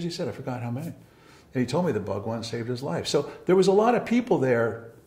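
A man's voice: mid-range voice, darkish tone, reverberant. A man who once led encounter groups, recalling the past in a rambling, heartfelt and apologetic way, restarting his sentences often. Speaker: former encounter group leader. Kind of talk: reflective personal recollection.

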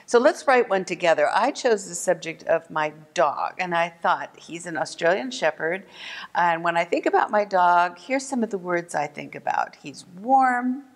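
A gentle, clear woman leads a lesson for children, slowing down to sound out each word. Her voice sits a little low for a woman, and it rings with a long echo around the room. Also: expressive. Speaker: museum art educator. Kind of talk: instructional video lesson for kids.

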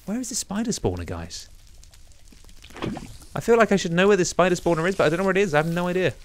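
A young man talks through his game session in a loose, rambling way, his pitch swinging widely up and down. He breaks into sudden excited outbursts, and a faint hiss sits under his voice. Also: fast. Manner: chatty, rambling self-talk with sudden excited exclamations. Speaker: let's play gamer. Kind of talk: casual gameplay commentary.

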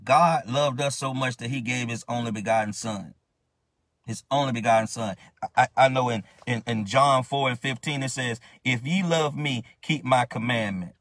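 A man's voice: mid-range voice, fairly even intonation, moderate pace, a bit bright, no echo. A man ministering, preaching a sermon in a fervent, questioning way with many restarts.

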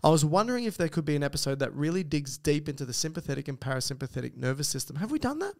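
Gravelly-voiced Australian man co-hosting a podcast. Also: a little high, very fast, a little mellow. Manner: chatty, explanatory, joking asides. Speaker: podcast co-host. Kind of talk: casual chat, reading listener emails.

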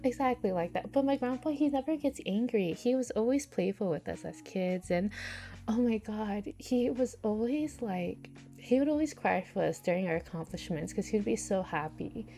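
Gravelly young woman streamer chatting. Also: mid-range voice, expressive, moderate pace, warm tone, faint music behind. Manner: rambling, filler-heavy, reads chat aloud. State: near tears. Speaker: livestreamer. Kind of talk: casual chat.

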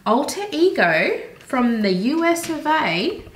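Her voice sits high with big swings in pitch and a slow pace, carrying a faint hiss or hum. She's an Australian beauty vlogger enthusiastically talking through a haul in a casual, rambling way, captured in an echoey, roomy room.

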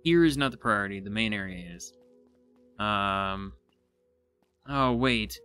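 A man giving casual let's-play commentary, excitable and thinking aloud as he explores, now and then poking fun at himself. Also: fairly low pitch, slow, soft background music. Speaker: gaming YouTuber.

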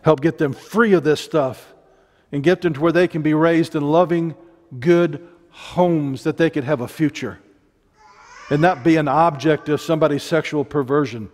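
A man's voice: on the high side, normal speed, a little mellow, big-room sound. A middle-aged man with an Ozarks accent preaching a sermon, impassioned and digressive, with joking asides.

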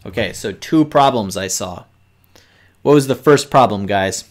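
A teacher with a fairly low voice and lively intonation hosts a live coding stream for kids, speaking at a measured pace. He explains things patiently, one step at a time, addressing the viewers directly.

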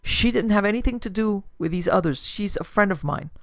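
A woman voicing a scrappy young male detective who talks urgently and yells in a fight. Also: mid-range voice, animated, a little fast, dry recording, clean studio sound, voice pushed up, lightly acted. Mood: quick, reassuring. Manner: urgent, yelling.

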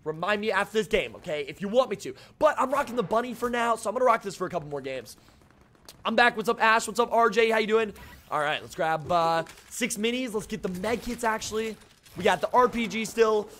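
A young man streaming a shooter game live, chatting casually with his viewers and greeting them by name, with excitable outbursts during fights. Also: sits high, brisk. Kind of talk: casual live-stream chat while playing.

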